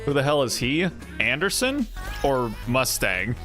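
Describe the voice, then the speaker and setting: A man's voice: mid-range voice, big pitch swings, a little slow, over music. A man giving rambling, sarcastic commentary while he streams a game, laughing often. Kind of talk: casual gameplay commentary.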